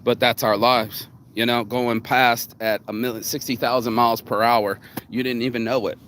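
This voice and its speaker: A man's voice: medium pitch, flat delivery, normal speed, a bit bright, slight background noise. A man vlogging outdoors in a rambling casual monologue, cocky and profane, circling back and restarting his thoughts. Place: outdoors in the sun.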